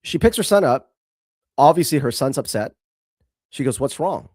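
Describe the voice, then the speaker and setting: An emphatic man hosts a commentary show, picking apart a video clip with scorn and heavy repetition. His pitch swings widely as he talks, and the sound is close and dry. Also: expressive, normal speed, darkish tone, no echo. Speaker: host.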